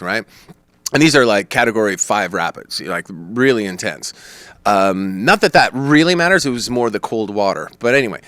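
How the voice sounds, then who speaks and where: A man chatting as a podcast guest, telling a long story in a rambling, animated way and quoting others. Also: medium pitch, no echo. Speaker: comedian guest.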